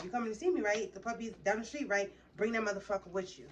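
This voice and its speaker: A woman's voice: medium pitch, fast talker, far from the mic, dull audio. A woman vlogger telling a heated, profane story straight to her viewers in a casual storytime.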